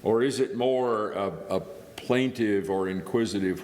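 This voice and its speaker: A man's voice: lowish voice, unhurried, a little mellow. A middle-aged man from Indiana giving a guest sermon in a church, talking it through in a conversational way with small restarts. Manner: conversational, thinking aloud with restarts. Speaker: guest preacher. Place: church hall. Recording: reverberant church hall.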